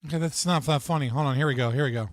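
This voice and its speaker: A man's voice: medium pitch, racing, slight background noise. A man hosting a live stream, reacting casually and bluntly, swearing and laughing while answering his chat. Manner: blunt, profane, laughs often, talks to chat.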